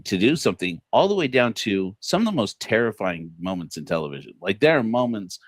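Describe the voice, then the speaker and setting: A man with a low-pitched voice talks loosely on a livestream, piling up fillers and false starts and breaking into chuckles. The recording is dry and close, with no room sound around him. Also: very animated, a little fast, no room sound. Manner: rambling, many fillers and restarts, chuckles often; quotes people in put-on voices. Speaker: podcast host. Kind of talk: casual livestream monologue.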